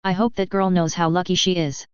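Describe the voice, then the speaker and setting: Worried caring woman on a call, narrator voicing her, low and smooth. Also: little pitch movement, fairly quick, no room sound, muffled recording, lightly acted. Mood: fussing. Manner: fussing, protective.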